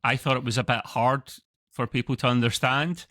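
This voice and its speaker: Scottish guy rambling about a tv episode on a video call, bright voice, dry sound. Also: mid-range voice, steady tone, normal speed, no echo. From Scotland. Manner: rambling, self-correcting, chuckling asides. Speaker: co-host of a TV review show. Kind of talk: casual review chat over a video call.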